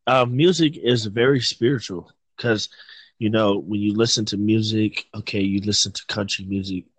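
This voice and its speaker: A man's voice: fairly low pitch, fairly even intonation, normal speed, breathy edge, dry recording, low-quality recording. A man from Virginia, hosting a casual chat and rambling as he searches for words. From Virginia, United States. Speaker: host.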